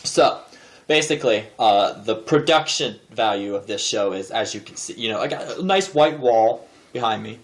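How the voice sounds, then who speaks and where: A man's voice: fairly low pitch, expressive, normal speed. Joking self-deprecating man in his thirties. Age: 30s. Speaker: vlogger host. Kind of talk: casual comedic monologue to camera. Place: indoor room, seated in a chair. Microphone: camera propped in a desk drawer.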